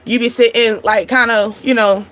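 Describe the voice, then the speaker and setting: A woman giving a relaxed, talkative tarot reading. Her voice sits high and sounds bright. She rambles in an animated way and laughs easily. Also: moderate pace, soft background music. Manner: chatty, laughing, animated storytelling. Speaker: tarot reader. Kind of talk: casual tarot reading monologue.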